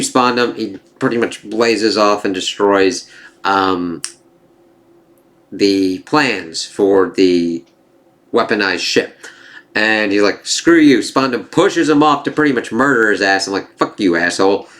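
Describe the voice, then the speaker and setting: A man's voice: on the low side, slow pace, a bit bright. A man giving a casual spoken review of an anime season, rambling with fillers and swearing freely as he gets worked up.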